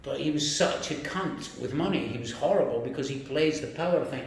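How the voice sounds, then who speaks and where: A man telling stories in a casual chat, profane and lively, often acting out the voices of people he quotes. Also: medium pitch, brisk, gravelly. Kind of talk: casual chat, animated storytelling. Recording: very echoey room with faint noise.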